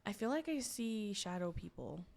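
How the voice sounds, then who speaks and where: A woman hosting a podcast in casual chat, lively, with quick reactions. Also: medium pitch, gravelly, a loud crowd. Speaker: podcast host.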